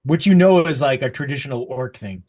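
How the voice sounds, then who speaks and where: A man's voice: mid-range voice, lively intonation, brisk, a crowd in the background. A man narrating as game master of a tabletop game, describing scenes loosely with lots of fillers.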